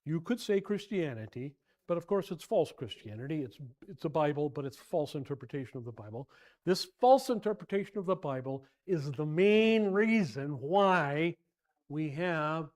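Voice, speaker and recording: In a fairly high voice at a moderate pace, a man leads an informal Bible class in a church. He's rambling and animated, repeating himself often and sounding exasperated.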